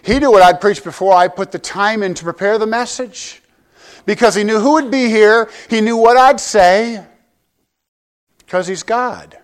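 An older pastor with a high, clean-toned voice preaches at a moderate pace. His sermon is conversational and full of jokes, and he often addresses the congregation with direct questions.

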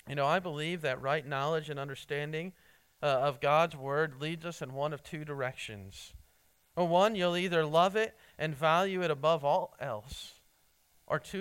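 A man preaching an earnest sermon, halting often with restarts and fillers as he reads and explains scripture. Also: on the high side, a bit bright, smooth. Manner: reads scripture and quotes aloud. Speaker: pastor.

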